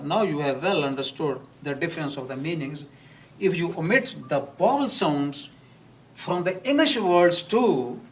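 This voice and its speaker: A man teaching a live class, who speaks deliberately and repeats words to model how they are pronounced. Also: a little high, recorded from a distance, slight background noise. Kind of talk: live classroom lecture on pronunciation.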